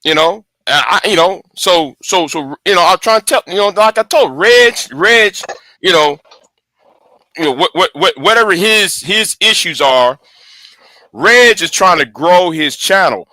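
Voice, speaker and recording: Male host, high lively pitch, close dry sound, angry profane rant with many restarts. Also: measured pace, no echo. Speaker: channel host. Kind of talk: casual livestream rant.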